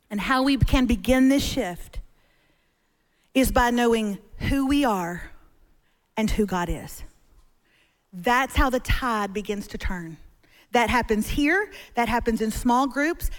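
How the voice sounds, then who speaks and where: A middle-aged woman preaching as a guest speaker from a church stage, telling stories with animated humor. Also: fairly high pitch. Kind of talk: sermon. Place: church stage before a congregation.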